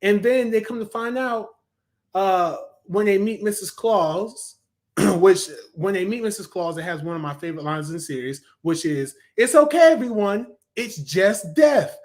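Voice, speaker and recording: A man's voice: high voice, moderate pace. A young adult man giving a casual, enthusiastic spoken review of a cartoon, chatty, with frequent fillers and self-corrections.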